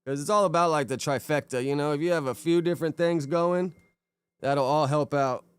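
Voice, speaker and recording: A man's voice: a little high, fairly quick, clear, resonant tone, no echo. A young man chatting casually on a live stream, rambling laid-back and greeting viewers by name. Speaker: streamer reacting to videos and chat.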